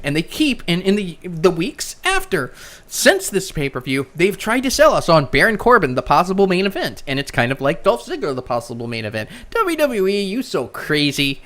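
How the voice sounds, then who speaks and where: A woman's voice: fairly low pitch, fairly bright tone. A woman hosting a casual chat podcast, sarcastic and rambling, often stuttering as she talks. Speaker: podcast host.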